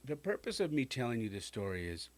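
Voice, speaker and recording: A man's voice: mid-range voice, sing-song, fast, no room sound. A male podcast host casually telling a personal story in slangy, conversational talk and acting out the people he quotes.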